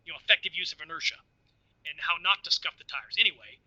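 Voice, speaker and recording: A middle-aged man with a strikingly bright, forceful voice tells casual stories, joking at his own expense. The sound is dry and close, but dull and lo-fi. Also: on the high side, quick pace, slightly rough, no room sound. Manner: lively, laughing, self-deprecating storyteller. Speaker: podcast guest. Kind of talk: casual storytelling.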